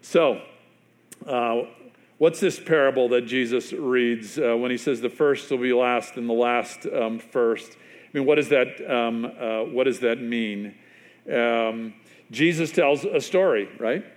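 A man, a pastor preaching a sermon in a loose, conversational storytelling way, full of fillers and restarts, often dropping to a hushed voice to drive a point home. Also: medium pitch, unhurried. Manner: drops to a hushed, quieter voice for emphasis.

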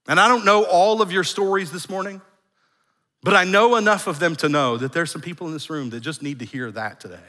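Middle-aged pastor preaching in a reverberant hall. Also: male voice, fairly high pitch, lively intonation, normal speed. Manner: earnest, swinging from raised emphasis to hushed, soft delivery; repeats words and restarts phrases. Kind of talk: sermon.

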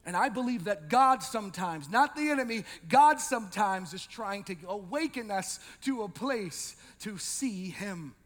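A male pastor preaching an animated sermon, swinging from loud shouting to quiet intensity, with joking asides to the congregation. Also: sits high, a little slow, few pauses, in a large hall.

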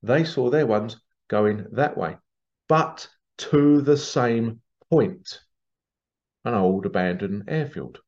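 Taking it slowly, an English man with a mid-range, darkish voice rambles through a casual story in monologue, with plenty of restarts and asides. He hosts a spiritual channel, and the audio is dull lo-fi.

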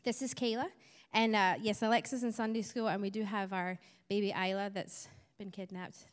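A woman's voice: mid-range voice, fairly even intonation, normal speed, clear, resonant tone. A woman from Scotland with a Scottish accent, a missionary giving a friendly presentation to a church congregation with light chuckles. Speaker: missionary speaker. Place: church sanctuary. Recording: long church hall reverb.

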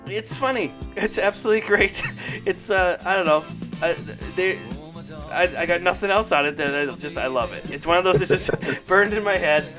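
A man co-hosting a casual podcast chat, rambling excitedly and laughing often as he talks. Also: sits high, moderate pace, over music. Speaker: podcast co-host. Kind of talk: casual chat about old commercials.

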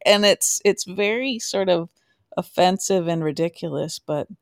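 Give me a relaxed, rambling podcast co-host with a smooth, clear voice recorded close and dry. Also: medium pitch, unhurried, no room sound. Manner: relaxed, rambling, frequent fillers and laughter. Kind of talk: casual chat about a soap opera. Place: home, Maine.

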